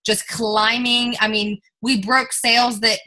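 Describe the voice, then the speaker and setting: Young woman team leader, peppy pep-talk coach on a video call, bright and slightly high. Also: little pitch movement, a little slow, poor audio. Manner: upbeat, coaxing, role-plays scripted pitches to friends. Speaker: network marketing team leader. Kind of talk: motivational sales coaching on a group video call.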